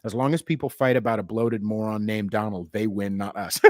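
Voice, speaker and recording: His voice is on the low side, captured dry in studio quality. The middle-aged podcast host goes on an animated political rant full of swearing and sarcasm, occasionally putting on voices to mock others.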